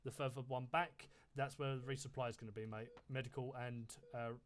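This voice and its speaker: A man gives brisk orders to his squad over a gaming headset, his voice at a middle pitch. He swears when things go wrong, and a faint noise sits behind him. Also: steady tone. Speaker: squad leader in a military simulation game. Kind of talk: tactical radio chatter while playing.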